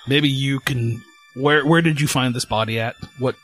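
A man's voice: medium pitch, moderate pace, a bit bright, faint music behind. A man narrating as game master of a tabletop horror game, loose and rambling, with many fillers.

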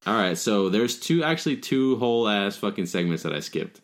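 Low-voiced, teasing male podcast co-host. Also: expressive, fairly quick, noisy background. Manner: teasing, joking, laughs often. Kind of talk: casual chat.

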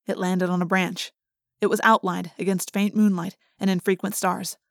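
A woman's voice: medium pitch, little pitch movement, normal speed, gravelly, no echo. Woman narrating an audiobook, dry and close. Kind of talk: first-person audiobook narration.

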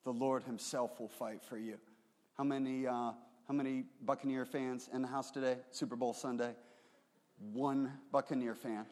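Pastor preaching in an echoing hall. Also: male voice, medium pitch, fairly even intonation, moderate pace, darkish tone. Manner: conversational storytelling, rising to emphatic preaching. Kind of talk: sermon. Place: church sanctuary. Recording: roomy hall reverb.

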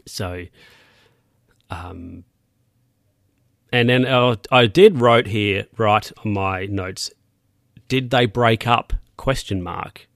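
A man's voice: lowish voice, drawn-out words, vocal fry, long pauses, a bit bright, dry recording. A man casually recapping a film scene by scene, rambling and correcting himself with plenty of fillers.

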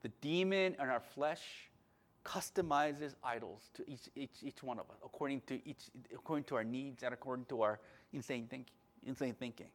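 A man preaching a sermon with passion, at times loud, at times calm. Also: mid-range voice, moderate pace. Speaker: pastor.

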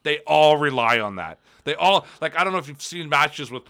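A man in casual chat whose pitch swings widely as he talks. His voice is bright and fairly high, and he speaks with emphatic, animated force and loose swearing. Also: normal speed. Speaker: podcast co-host.

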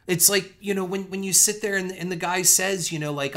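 A man's voice: high-pitched, fairly even intonation, a little fast, few pauses, a bit bright. A middle-aged man giving a reflective, conversational film commentary, earnest in tone, who often restarts on repeated words and swears casually.

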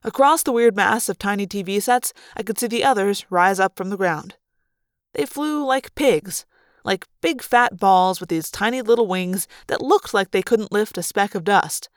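A woman reading a fan audiobook, narrating in first person with lively, dramatic delivery. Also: mid-range voice, normal speed, dry recording, studio quality. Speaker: audiobook reader.

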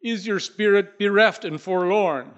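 A man voicing a fretful, excitable fellow who fires off urgent questions, in a dull lo-fi recording. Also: high-pitched, pitched above the performer's own voice. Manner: urgent, rapid-fire questioning.

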